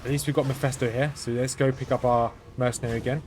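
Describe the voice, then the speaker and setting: A man hosting a let's-play, talking through his game in a flat, understated way as he thinks aloud. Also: medium pitch, quick pace, slight background noise. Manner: monotone, understated delivery; thinking aloud while playing. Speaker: gaming channel host.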